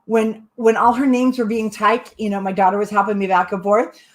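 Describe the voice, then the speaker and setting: A middle-aged woman hosting a live crafting stream, chatty, excitable and often breaking into giggles. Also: medium pitch, brisk. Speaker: crafting channel host.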